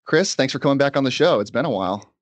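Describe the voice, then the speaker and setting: A man hosting a sports podcast, talking in a brisk, opinionated and conversational way. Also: mid-range voice, expressive, no echo, lo-fi sound. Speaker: podcast host. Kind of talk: casual sports podcast chat.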